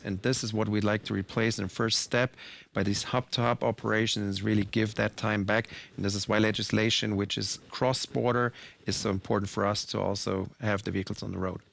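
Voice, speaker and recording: Gravelly, low-voiced man with a German accent. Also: a bit bright. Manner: earnest, many fillers and restarts. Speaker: truck maker executive panelist. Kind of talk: panel discussion answer.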